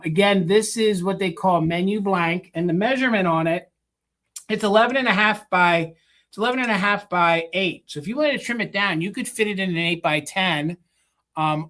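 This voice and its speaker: A woman co-hosting a live vintage sale, pitching items in a chatty way with filler words and counting down bids. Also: moderate pace, a bit bright. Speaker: live sale co-host and seller.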